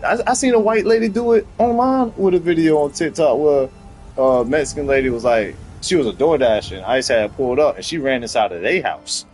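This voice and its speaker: A young man hosting a casual podcast chat, telling stories in a heated, profane way that climbs into loud outbursts. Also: fairly high pitch, a little fast, soft background music, low-quality recording. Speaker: podcast host.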